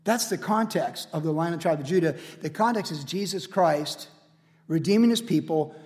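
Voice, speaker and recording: A man with a high, bright voice preaches with emphatic energy, building his lines through repeated phrases. His voice carries a long reverb, as if it were spoken in a large hall. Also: moderate pace. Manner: animated, emphatic preaching with repetition. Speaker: pastor. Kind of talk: sermon.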